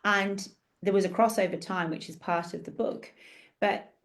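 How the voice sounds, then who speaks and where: A woman with a New Zealand accent, an author talking about her book in an interview with high, encouraging energy. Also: fairly even intonation, normal speed. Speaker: author guest. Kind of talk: casual interview chat.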